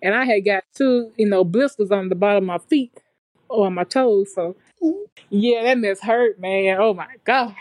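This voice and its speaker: A young adult woman telling a story in a relaxed, chatty way, as a podcast guest. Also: mid-range voice, moderate pace, no room sound. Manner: relaxed, chatty and colloquial, with frequent fillers. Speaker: podcast guest, nursing graduate. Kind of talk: casual storytelling chat.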